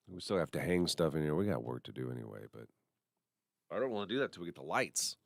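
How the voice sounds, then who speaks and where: A man with a very low, deep voice trades loose, joking banter on a morning radio show. The studio sound is dry and close, with no room echo. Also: big pitch swings, a little fast, vocal fry. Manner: loose, joking, reads out listener comments.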